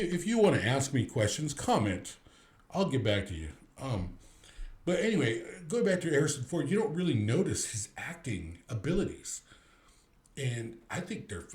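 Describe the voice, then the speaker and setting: Rambling man in an echoey room. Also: medium pitch. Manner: rambling, frequent restarts and fillers. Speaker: movie review podcast host. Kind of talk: casual rambling chat.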